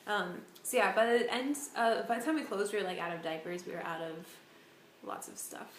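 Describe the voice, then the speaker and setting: A young American woman in her twenties, a volunteer, chatting casually about her day and telling stories in an animated way. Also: medium pitch, brisk, slight background noise. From United States. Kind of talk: casual chat. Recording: echoey room.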